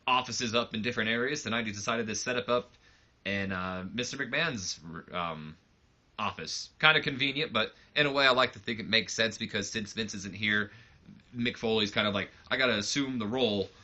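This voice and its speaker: A man's voice: on the low side, moderate pace, bright, forceful tone. A man giving casual let's play commentary on a wrestling game, rambling loosely with lots of fillers, on a slightly muffled mic.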